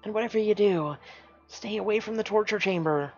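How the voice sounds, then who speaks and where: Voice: medium pitch, fairly quick, dull audio, soft background music, pitched above the performer's own voice, natural voice. A game streamer voicing a weak, pleading captive mermaid woman who urgently warns of danger. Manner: urgent, fearful warnings.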